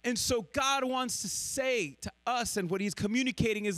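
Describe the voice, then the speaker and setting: A man preaching a sermon, swinging from loud emphatic lines to hushed, slow ones. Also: very high voice, dry recording. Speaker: pastor.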